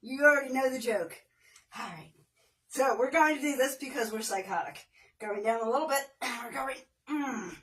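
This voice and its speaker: During a casual livestream workout, this woman chats and jokes with viewers, counts reps aloud, sings off-key for fun, and occasionally strains with effort. She speaks at normal speed in a high-pitched, fairly bright voice, caught by a distant mic.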